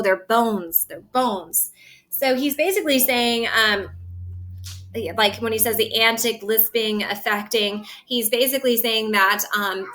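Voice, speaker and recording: A woman's voice: mid-range voice, sharp tone. A woman teacher reading a play aloud and explaining it in a casual way, with many fillers. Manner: casual explaining with many fillers, reads the lines with more lift.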